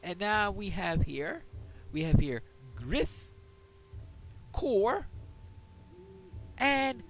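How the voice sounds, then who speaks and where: Man doing laid-back game commentary, explains stuff as he goes, high lively voice. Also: very slow. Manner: chatty, explains game mechanics as he plays. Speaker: gameplay commentator. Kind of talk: casual gameplay commentary.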